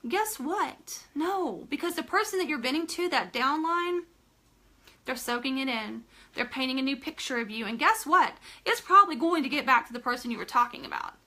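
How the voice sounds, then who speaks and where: Woman, motivational team coach, live talk, emphatic, repetitive, speaks straight to viewers, high voice. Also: animated, moderate pace, bright, forceful tone. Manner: emphatic, repeats phrases for stress; addresses listeners directly, asks for comments.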